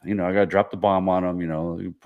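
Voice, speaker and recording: A man's voice: low-pitched, fast, narrow, tinny audio. A man co-hosting a podcast, telling a story in casual chat and acting out both sides of an argument. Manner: animated storyteller, acts out arguments. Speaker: podcast co-host.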